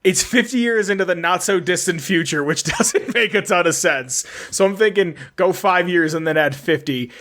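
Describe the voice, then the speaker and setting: A young man with a slightly high voice co-hosts a relaxed podcast chat. He reads out game trivia in a loose, rambling way, tripping over words and laughing at his own slips. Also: moderate pace, few pauses. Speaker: podcast co-host. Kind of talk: casual chat.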